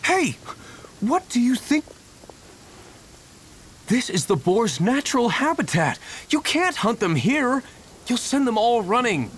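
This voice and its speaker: A stern village hunter with a husky voice and a lively, rising and falling delivery. He sounds firm and scolding, and he lays down the rules. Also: very high voice, normal speed, exaggerated voice. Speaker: game character.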